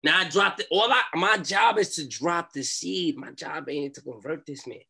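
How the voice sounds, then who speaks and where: A young man telling a story as a podcast guest, in animated street talk and acting out what people said. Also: a little high, normal speed, creaky, slightly rough. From New York.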